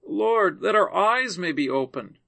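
A man's voice: sits high, animated, a little slow, creaky, pushed and bright, pitched above the performer's own voice, exaggerated voice. A man voicing two desperate blind men who cry out and plead, raising his voice well above his reading voice. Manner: crying out, pleading.

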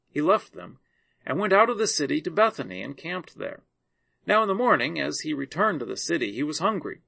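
A man giving a measured, dramatic scripted narration of scripture. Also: a little high, big pitch swings, vocal fry, bright, forceful tone, slightly rough. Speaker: scripture reader.

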